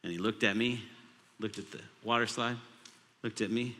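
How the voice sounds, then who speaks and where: Forceful low-voiced male pastor. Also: moderate pace. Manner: humorous anecdotal storytelling. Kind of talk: sermon storytelling. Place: large church auditorium. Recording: long hall reverb.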